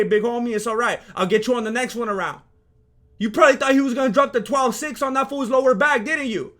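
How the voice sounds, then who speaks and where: A man with a very high voice talks over footage as a reaction host. He is slangy and rhetorical and keeps firing questions at the listener. He drops into low, muttered asides and then jumps up into loud outbursts. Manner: slangy and rhetorical, calls people "fool".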